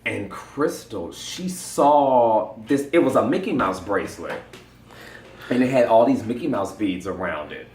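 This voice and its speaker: A man telling a funny story casually, animated and laughing often, acting out the voices of the people in it. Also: lowish voice, a little slow, a little hiss or hum. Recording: roomy echo.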